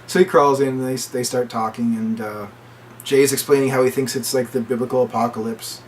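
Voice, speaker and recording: A man's voice: fairly even intonation, a little fast, recorded from a distance, slight background noise. Rambling man retelling a movie plot. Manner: rambling with many "like"s, jumps to high voices for quoted lines. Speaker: movie reviewer. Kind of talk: casual retelling of a film plot.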